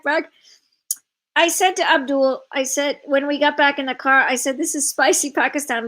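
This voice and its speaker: A high-voiced woman tells a story in quick, animated bursts. She hosts a live online event and talks casually over a video call. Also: low-quality recording.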